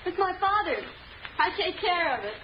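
A woman's voice: very high voice, big pitch swings, normal speed, a little hiss or hum. An actress playing a friendly, curious young woman who minds her father's gas station, in an old radio drama. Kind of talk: 1940s radio acting. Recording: dull old radio recording.

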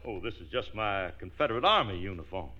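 A man's voice: low voice, expressive, fast, muffled recording. An actor playing a boisterous family man who puts on a Southern drawl, in a 1950s radio sitcom. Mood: hammy. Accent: put-on Southern drawl. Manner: boisterous, hammy. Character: blustering bandleader dad playing Southern colonel. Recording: hissy old radio transcription.

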